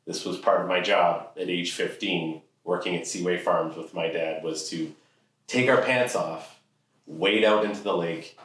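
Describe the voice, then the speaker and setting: A man tells funny stories about himself in a dry, self-deprecating way. His voice is low and deep. He is heard from a distance in a hall with strong echo. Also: a bit bright. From Ontario, Canada. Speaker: comic storyteller. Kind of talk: humorous personal monologue. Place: event hall. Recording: echoey hall, mic far off.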